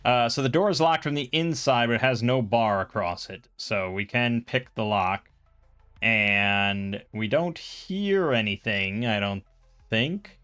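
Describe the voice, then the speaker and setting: A man with an ordinary mid-range voice runs a solo tabletop role-playing game on his own. He talks casually, reads out rules and rolls, and reasons aloud about each choice. Soft music plays faintly behind him. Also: mid-range voice, measured pace, clear, resonant tone.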